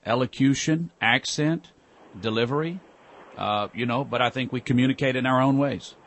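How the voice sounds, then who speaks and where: A man behind a studio microphone hosts a call-in radio show. His voice sits at an ordinary middle pitch. He lectures and needles a caller with combative sarcasm. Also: normal speed, a bit bright. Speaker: radio talk show host.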